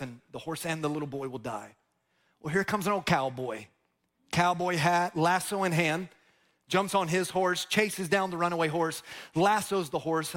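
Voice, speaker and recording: A man's voice: on the high side, fairly bright tone. A male pastor preaching a sermon, impassioned and repetitive, leading the congregation in call-and-response.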